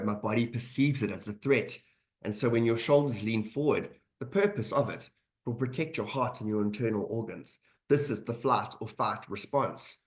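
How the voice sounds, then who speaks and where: A man presenting an online leadership webinar in a conversational lecturing manner, repeating key phrases for emphasis. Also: medium pitch. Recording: webinar audio.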